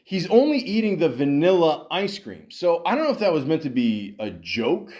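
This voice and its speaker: A man's voice: fairly high pitch, sing-song, moderate pace, a little mellow. A middle-aged Canadian man hosting a podcast, rambling through hockey talk with lots of swearing, fillers and restarts. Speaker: podcast host.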